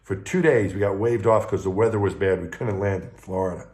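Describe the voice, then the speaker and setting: A man who was an astronaut, telling personal anecdotes to the camera in a relaxed conversational way. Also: deep voice, brisk. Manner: anecdotal, conversational, warm retelling with acted quotes. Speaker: retired astronaut. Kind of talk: storytelling talk to camera.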